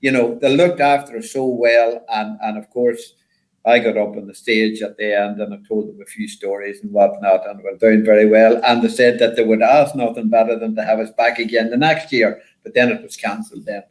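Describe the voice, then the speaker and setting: An older man, a former rally driver, telling stories in a rambling, animated way with lots of repeated words. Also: on the low side, a little fast, poor audio. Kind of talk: casual storytelling chat.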